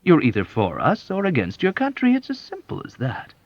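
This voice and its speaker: Man doing sardonic smooth-talking colonel, sly, ironically sweet, lively lilt, dry dull audiobook sound. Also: a little high, a little fast, dry recording, pitched above the performer's own voice, full character voice. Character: sly sardonic middle-aged male colonel.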